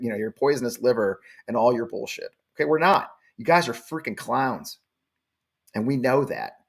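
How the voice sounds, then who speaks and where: A man's voice: mid-range voice, a bit bright. A man in his forties hosting a live show, blunt, defiant and profane. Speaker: show host.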